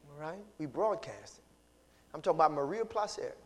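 A male pastor preaches in a church, calling out to his congregation and swinging from loud to hushed. His voice sits high. Long reverb trails every line. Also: big pitch swings, a little fast. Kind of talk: sermon. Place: church sanctuary.

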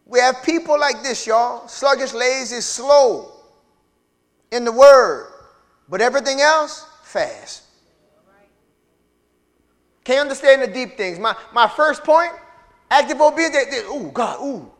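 A high-pitched male preacher, working a congregation with call-and-response. His voice rises from hushed lines to loud, ringing ones. The sound carries a long hall reverb. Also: lively intonation, measured pace, pauses often. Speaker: pastor. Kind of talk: sermon. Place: large church sanctuary with reverb.

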